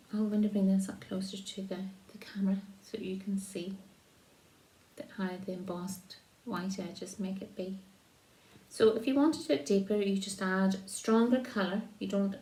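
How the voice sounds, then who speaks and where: A woman demonstrating a card-making craft, talking slowly while she paints and trailing off softly. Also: medium pitch. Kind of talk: crafting tutorial. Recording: roomy echo.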